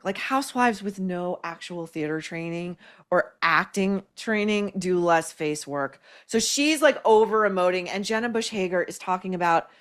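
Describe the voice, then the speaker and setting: A woman hosting an opinion show, blunt and scathing in her sarcastic commentary. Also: lowish voice. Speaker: podcast host.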